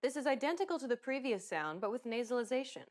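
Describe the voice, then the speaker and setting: A woman narrating a pronunciation lesson in a clear, explanatory, encouraging way. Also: on the high side, very animated, fast talker.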